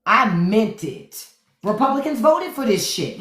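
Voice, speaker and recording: A woman's voice: a little high, big pitch swings, slow, fairly bright tone, echoey room. A woman hosting a live stream, ranting about politics to her chat in a profane, sarcastic, mocking way. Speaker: podcast host on a live stream. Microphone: phone.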